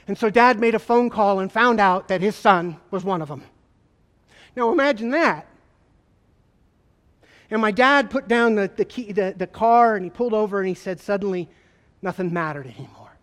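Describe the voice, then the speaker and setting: Man, high voice, earnest halting testimony, former trooper, long reverb of a large hall. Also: a bit bright. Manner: earnest, halting storytelling with repetitions. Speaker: former state trooper giving his testimony. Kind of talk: emotional personal testimony to an audience.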